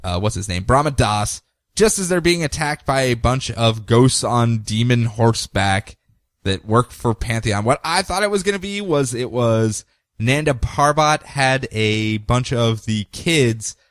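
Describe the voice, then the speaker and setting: A man of ordinary pitch chatting casually as a podcast co-host, walking through a comics story with lively energy. His voice sits close and dry on the mic, with no room sound around it. He keeps the talk loose and conversational. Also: no echo. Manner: animated, acts out characters' lines in quick voices. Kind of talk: casual chat.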